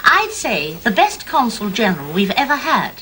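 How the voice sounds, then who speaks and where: A wry, teasing diplomat. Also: female voice, fairly high pitch, big pitch swings, moderate pace, sharp tone. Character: wry, mischievous British woman diplomat. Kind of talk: 1980s TV sitcom acting. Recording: noisy old TV recording.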